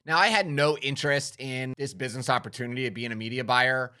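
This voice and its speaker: A man's voice: medium pitch, fairly even intonation, fast talker, bright, forceful tone, clean tone. A man speaking as a marketing coach in a direct business talk, emphatic and persuasive, often asking his audience questions.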